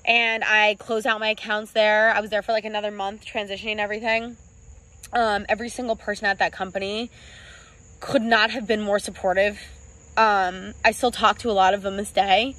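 A young woman in her twenties tells her own story in a vlog, earnest and halting. She fills her pauses with ums and restarts and keeps close to tears. Her voice sits at an ordinary middle pitch. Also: little pitch movement, fairly bright tone, low-quality recording. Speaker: clothing brand founder.

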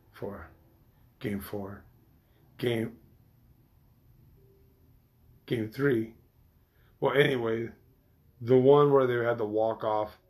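A man's voice: lowish voice, creaky. A man talks casually to his viewers. He rambles in a loose way and swears often. He keeps breaking off and restarting his sentences. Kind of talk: casual chat.

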